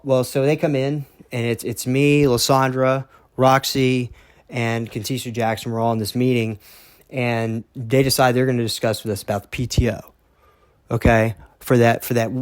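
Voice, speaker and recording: A man's voice: mid-range voice, no room sound, clean studio sound. A man from Texas telling a heated story in a casual, rambling monologue, repeating himself and cursing. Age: young adult. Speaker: podcast host.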